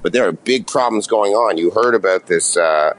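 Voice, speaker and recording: A man from Canada, a comedian guest, talking in a rambling casual chat with deadpan jokes. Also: on the low side, moderate pace.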